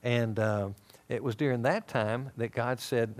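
A man's voice: medium pitch, unhurried. A man teaching a Bible lesson in a sermon style, telling stories and acting out the dialogue. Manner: animated storytelling, acting out dialogue.

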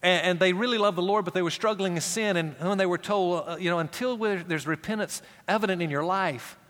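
A middle-aged pastor preaching a sermon, swinging from raised, animated passages to low, hushed emphasis, with quoted voices acted out in conversational asides. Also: male voice, fairly quick, big-room sound.

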